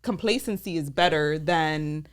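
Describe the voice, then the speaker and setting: A woman's voice: sits low, a little slow, smooth. A woman in her thirties chatting casually as a podcast guest, telling stories with lots of "like" fillers and swearing. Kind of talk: casual chat.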